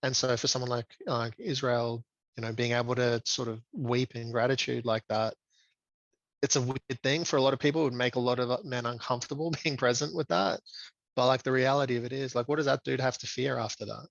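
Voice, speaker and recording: Man, podcast guest, reflective and halting, gravelly voice, dry dull recording. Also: mid-range voice, steady tone, no echo. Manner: reflective, many ums and restarts. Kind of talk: casual conversational interview.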